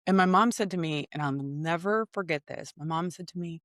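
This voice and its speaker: A woman's voice: on the low side, a little fast, no room sound, studio quality. A woman in her thirties, a guest improv teacher, telling personal stories in casual conversation with frequent laughter. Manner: animated storyteller, laughs often.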